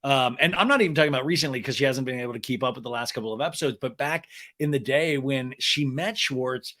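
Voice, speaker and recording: A man's voice: medium pitch, fast. A man hosting a podcast, chatting casually and animatedly about pop culture. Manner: chatty and animated, with laughs and silly quoted voices. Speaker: podcast host.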